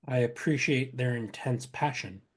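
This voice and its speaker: A man's voice: medium pitch, unhurried, husky. A man playing in a tabletop game, speaking in character in a polite, firm way with dry humor. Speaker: player.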